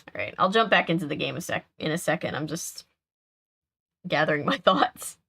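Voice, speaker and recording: A woman's voice: low voice, lively intonation, moderate pace, vocal fry, fairly bright tone. A woman hosting a live game stream, chatting casually, laughing often and answering her chat aloud.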